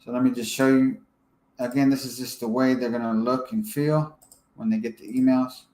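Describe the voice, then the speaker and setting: A man giving a casual screen-share software tutorial, thinking aloud as he edits and checking in with "okay?". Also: mid-range voice, fairly even intonation, moderate pace, reverberant, rough recording. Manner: casual, thinks aloud while editing, frequent fillers and "okay?" check-ins. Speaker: software trainer.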